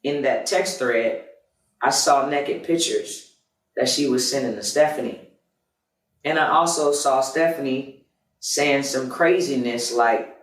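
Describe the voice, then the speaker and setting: A man hosting a podcast, telling a personal story in a loud, emphatic and profane way. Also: medium pitch, measured pace. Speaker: podcast host. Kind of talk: confessional storytelling monologue. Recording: roomy, distant mic.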